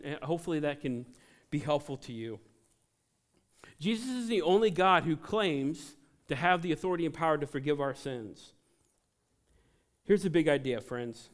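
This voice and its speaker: Animated, joking male preacher. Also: on the high side. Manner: animated, joking asides to the congregation. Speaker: pastor. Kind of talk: sermon.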